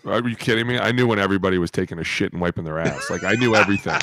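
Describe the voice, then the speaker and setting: A man's voice: low-pitched, very fast, noisy background. Brash, profane man in a podcast chat. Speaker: podcast co-host, former NFL lineman.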